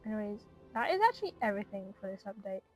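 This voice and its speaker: A woman's voice: mid-range voice, very animated, fast talker, soft background music. A woman giving casual, emotional commentary on her gameplay and chatting to her viewers. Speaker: gaming video creator.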